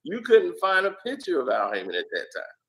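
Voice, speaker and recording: A man being interviewed, telling stories in a casual, animated way. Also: high voice, a little fast, vocal fry, poor audio. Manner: animated, lively storyteller. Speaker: interview guest. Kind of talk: casual storytelling.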